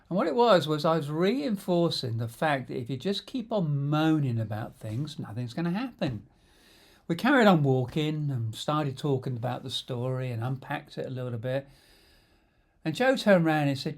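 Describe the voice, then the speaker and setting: A middle-aged man telling stories from his own life in an unhurried, conversational way. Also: fairly high pitch, very animated. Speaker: storyteller and coach. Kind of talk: memoir storytelling.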